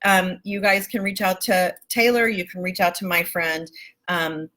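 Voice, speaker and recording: A woman's voice: lowish voice, fairly even intonation, unhurried. A woman life coach speaking live to her viewers, emphatic and affectionate, calling them baby and my love and swearing casually. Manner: warm, emphatic, calls listeners baby and my love. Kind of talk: live-stream coaching talk.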